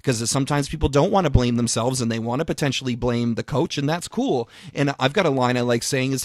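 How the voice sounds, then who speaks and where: A man and fitness coach co-hosting a podcast, talking in an emphatic, energetic way with frequent restarts and repeated words. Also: mid-range voice, a little fast, hardly any pauses, no echo, studio quality. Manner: casual swearing. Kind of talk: casual podcast chat.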